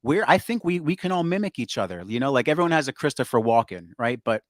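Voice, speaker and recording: A man guest on a talk show, chatting in a relaxed way with lots of fillers about doing impressions. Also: mid-range voice, fast talker, no echo, studio quality. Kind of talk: casual interview chat.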